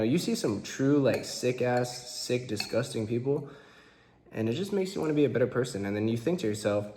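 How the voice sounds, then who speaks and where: A man's voice: mid-range voice, slight background noise. A young man in his twenties telling a story in a casual vlog, laid-back and rambling, with lots of fillers. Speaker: vlogger. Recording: roomy echo.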